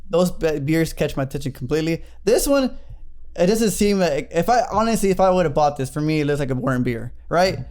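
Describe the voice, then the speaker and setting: A man's voice: a little high, animated, fairly quick, darkish tone. A man hosting a casual beer review show, reading label text aloud with stumbles and chatty asides. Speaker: podcast host.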